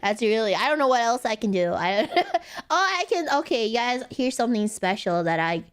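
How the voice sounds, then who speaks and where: A woman's voice: on the high side, very animated, normal speed, smooth. A young woman streaming casually, rambling playfully and laughing often. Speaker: VTuber streamer. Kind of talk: casual live-stream chat.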